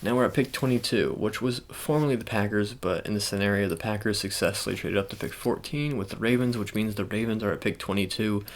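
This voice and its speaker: A young man speaking in a soft ASMR style, chatting casually and rambling with many fillers and restarts. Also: lowish voice, fast, few pauses. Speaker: ASMR channel host. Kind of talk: soft-spoken ASMR sports talk.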